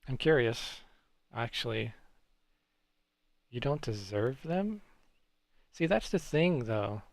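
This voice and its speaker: A man's voice: medium pitch, big pitch swings, slow, vocal fry, dry recording. A man streaming live, chatting casually with viewers and reacting to chat messages.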